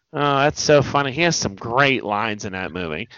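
A man hosting a casual chat about movies, talking in an animated way and swearing freely. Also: medium pitch, no room sound. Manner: animated, swearing, quotes movie lines in mock voices. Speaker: podcast host. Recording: dull lo-fi sound, dry.

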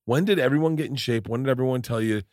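A man hosting a podcast in casual chat, profane and excitable, rambling through his stories. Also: medium pitch, fast talker, no echo, studio quality. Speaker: podcast host.

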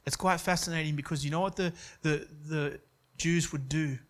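A man's voice: on the high side, steady tone, normal speed, fairly bright tone. A young man preaching, telling a story in an earnest way with frequent restarts. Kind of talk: sermon story.

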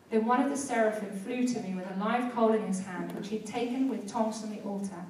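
A woman's voice: a little high, a little fast, few pauses, darkish tone, slight background noise. A woman preacher giving a sermon and prayer, telling stories in a conversational way and building to fervent exhortation. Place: church hall. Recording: very echoey church hall, heard from a distance.

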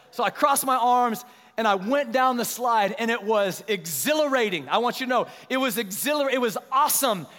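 High-voiced preacher man in a reverberant hall. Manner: animated storytelling, then slower emphatic preaching. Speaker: pastor. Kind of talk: sermon. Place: church sanctuary.

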